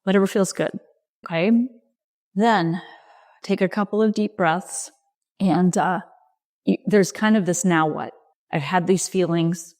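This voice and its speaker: A middle-aged woman coach hosting a podcast, talking gently and reassuringly in short, unhurried phrases. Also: fairly low pitch. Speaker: leadership coach and podcast host. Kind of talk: reflective solo podcast talk.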